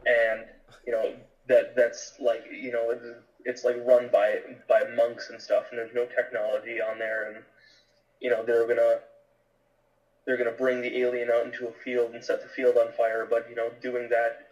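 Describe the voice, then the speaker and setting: A man's voice: medium pitch, monotone, normal speed. Laid-back man on a dull, distant mic. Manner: laid-back, hesitant, many ums. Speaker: podcast co-host. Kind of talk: casual movie chat.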